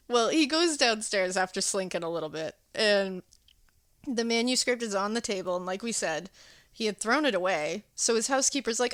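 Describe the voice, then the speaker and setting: A woman co-hosting a podcast in casual chat, telling the story with animated voices and frequent laughs. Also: medium pitch, moderate pace, no room sound, studio quality. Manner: animated storytelling, acts out characters, laughs often. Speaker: podcast co-host.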